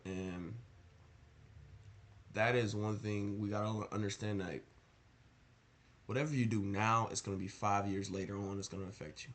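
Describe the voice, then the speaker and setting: A young man giving casual motivational advice in a rambling, earnest way, often asking rhetorical questions. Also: fairly low pitch. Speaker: motivational vlogger.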